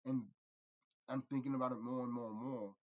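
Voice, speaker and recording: A man rambling through a casual movie review, profane and animated, laughing often. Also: mid-range voice, brisk, highs cut off.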